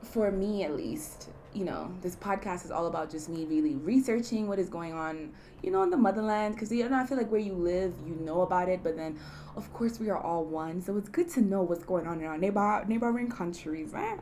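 A woman's voice: fairly low pitch, expressive, a little fast, warm tone, slight background noise. Chatty young woman podcast host. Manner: chatty, laughs often, lots of fillers like "you know". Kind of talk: casual solo podcast chat.

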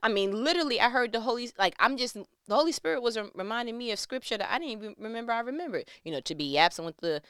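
A middle-aged woman tells a personal story in a casual, conversational way, her voice smooth and clear. She swings from hushed, near-whispered passages to loud, emphatic bursts, and the sound is dry and close. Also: fairly high pitch, animated, fast talker, few pauses, no echo. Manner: faith-filled, conversational. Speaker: vlogger telling a personal story.

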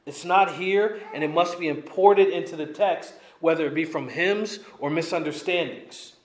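A man's voice: fairly high pitch, normal speed, reverberant, a little hiss or hum. A man preaching an expository sermon, emphatic and repeating his key lines for weight.

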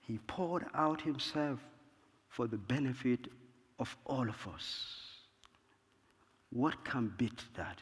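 Slow, measured male preacher in a reverberant hall. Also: mid-range voice, husky. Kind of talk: sermon. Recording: long reverb of a large hall.

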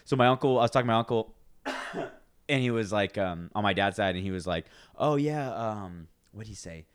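A man's voice: lowish voice, brisk, clear, resonant tone, dry recording, clean studio sound. A man in his twenties co-hosting a podcast, telling rambling stories and acting out the people he quotes, with many restarts. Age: 20s. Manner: rambling storyteller, acts out quoted voices, restarts often. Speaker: podcast co-host. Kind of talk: casual chat.

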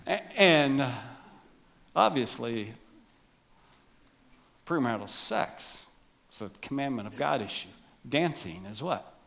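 A man preaching a humorous sermon to his congregation, joking and animated, dropping to quiet asides. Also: medium pitch, slow, creaky, long pauses. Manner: jokey, animated, drops to soft asides. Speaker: pastor.

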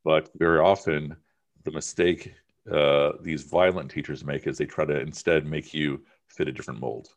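A man's voice: extremely low pitch, steady tone, normal speed. A man teaching an informal religion class, talking in a conversational, emphatic way with plenty of fillers.

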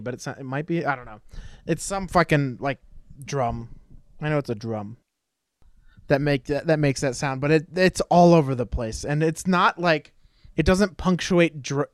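A man's voice: on the high side, no echo, studio quality. A man co-hosting a podcast in casual, joking chat, swearing often and rambling. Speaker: podcast co-host.

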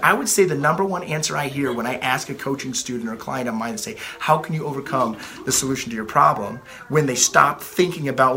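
A man's voice: medium pitch, fast, few pauses, bright, forceful tone. A man in his thirties, a life coach giving a blunt motivational talk, swearing freely and often repeating himself.

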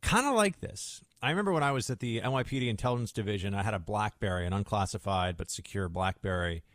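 A man's voice: on the low side, lively intonation, quick pace, a bit bright, no room sound, studio quality. A man hosting a talk radio show, rambling through sarcastic asides in a casual monologue.

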